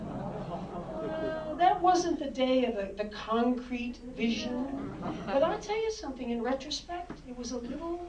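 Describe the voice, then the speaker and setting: Lively older woman telling stories. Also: high voice, unhurried, background noise. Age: 60s. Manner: lively, wry, dramatic. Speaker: author and speaker. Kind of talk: storytelling talk. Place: library hall, indoors. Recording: roomy hall, distant dull mic.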